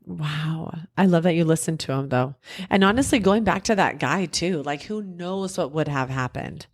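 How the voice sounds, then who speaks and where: A woman's voice: sits low, normal speed. A woman around forty co-hosting a podcast, chatting casually and backing her co-host up with frequent agreement. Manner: supportive, frequent "yeah" backchannels. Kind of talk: casual chat.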